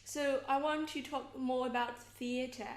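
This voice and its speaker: A young woman with a light British-Australian tinge to her accent, chatting as a podcast guest, halting with fillers and restarts. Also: high voice, fairly even intonation, reverberant. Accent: mixed British and Australian tinge. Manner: hesitant, many fillers and restarts. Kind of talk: casual podcast interview.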